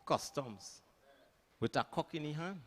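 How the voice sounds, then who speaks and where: A man's voice: on the high side, lively intonation, a little slow, a bit bright, a little hiss or hum. A man hosting a radio show, joking and laughing in casual on-air banter.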